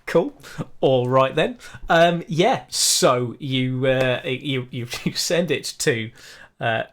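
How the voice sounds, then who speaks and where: Halting, casual game master. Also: male voice, medium pitch, creaky. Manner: casual, halting with fillers and restarts. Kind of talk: running a tabletop game stream.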